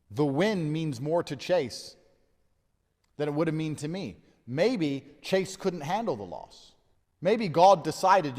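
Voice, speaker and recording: A man's voice: on the high side, big-room sound. A man in his thirties speaking in a blunt, defiant and profane monologue about losing a fight. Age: 30s. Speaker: fighter reflecting on a loss. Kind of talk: candid monologue.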